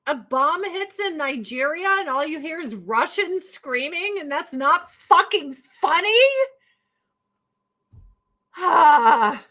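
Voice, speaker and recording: A woman's voice: sits high, animated, measured pace, few pauses, sharp tone, rough recording. A woman hosting a casual commentary stream, ranting sarcastically and swearing freely. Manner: sarcastic, profane, exasperated.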